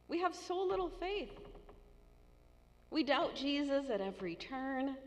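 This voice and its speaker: Unhurried woman preaching in a reverberant church. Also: a little high, creaky. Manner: slow, deliberate preaching with acted-out tones. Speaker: pastor. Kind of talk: sermon. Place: church sanctuary.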